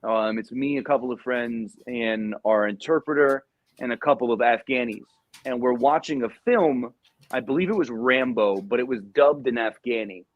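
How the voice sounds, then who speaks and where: A man's voice: medium pitch, normal speed, no room sound. A man who is a Marine veteran and podcast guest, telling casual, profane stories with many ums. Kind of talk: casual storytelling. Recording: dull, dry lo-fi recording.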